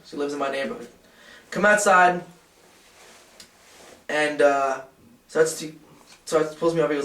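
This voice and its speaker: A man's voice: on the high side, normal speed, pauses often, a bit bright, reverberant, distant mic. Blunt, profane man recalling old feuds. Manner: blunt and profane, acts out quoted dialogue. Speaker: documentary interviewee, wrestling insider. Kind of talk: candid recollection.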